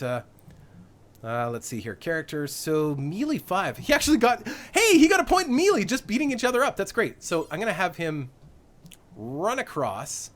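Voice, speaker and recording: A man's voice: fairly high pitch, a bit bright. A young man giving live commentary on a colony-building game, gleeful and darkly joking, laughing often. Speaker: gaming livestreamer.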